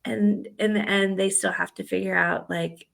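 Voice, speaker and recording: A woman's voice: mid-range voice, fairly even intonation, normal speed, gravelly, fairly bright tone. A woman who grew up in the American South chats about writing romance on a podcast. She rambles easily and leans on fillers as she thinks aloud. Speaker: podcast co-host and romance author. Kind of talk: casual chat.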